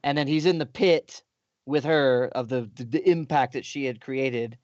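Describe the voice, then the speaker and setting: A man co-hosting a casual livestream chat, retelling scenes in an animated way. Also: medium pitch, normal speed, no echo. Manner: animated retelling, often acting out exaggerated quotes. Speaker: co-host. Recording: dull lo-fi dry sound.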